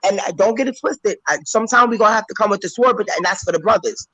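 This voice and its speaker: Tearful and emotional, a woman calling into a talk panel preaches with animated emphasis, slipping into other characters' voices. She talks quickly at a medium pitch, and the recording is dry and rough.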